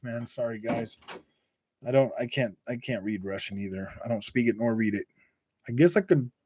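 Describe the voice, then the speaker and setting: A laid-back young man talks through a live gaming stream, rambling from one point to the next and chuckling as he answers viewers. His voice sits a little high for a man, and the sound is dry and close with no room around it. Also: no room sound. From Utah. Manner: rambling, laughs often, says dude and bro a lot. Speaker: gaming channel host reading live chat. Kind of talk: casual livestream chat.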